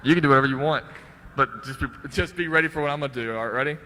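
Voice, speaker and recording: A man's voice: medium pitch, racing, sharp tone, a little hiss or hum. A young man hosting voice acting auditions at a convention panel on a handheld microphone, chatty and self-deprecating. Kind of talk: casual convention panel talk. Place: convention hall. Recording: echoey hall with faint crowd ambience.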